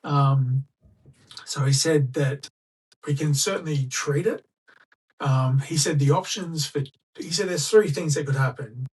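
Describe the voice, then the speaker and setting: A man's voice: on the high side, a little slow, a little mellow, husky, far from the mic, low-quality recording. A middle-aged Australian man telling a personal story as a podcast guest, chatty and anecdotal, acting out what people said. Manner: chatty anecdotal, acts out quoted dialogue. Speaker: guest, school staff member. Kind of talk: casual storytelling in a podcast interview.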